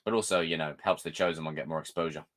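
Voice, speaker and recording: A man's voice: very deep voice, fairly even intonation, fast talker, fairly bright tone. A man, hosting a live stream and ranting in a casual, exasperated way, swearing often.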